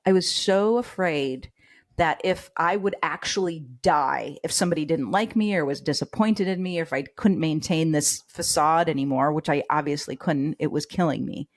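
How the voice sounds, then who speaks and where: A woman's voice: deep voice, moderate pace. Woman telling a personal story with animation. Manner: animated storytelling with quoted voices. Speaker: guest, nurse and educator. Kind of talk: personal story in a podcast interview.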